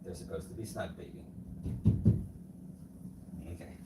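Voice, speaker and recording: A middle-aged American husband and co-host speaks in a low, slightly slow voice, walking his wife through a build step by step and teasing her in casual livestream chat. The home livestream is noisy, with an echoey room and loud music behind him.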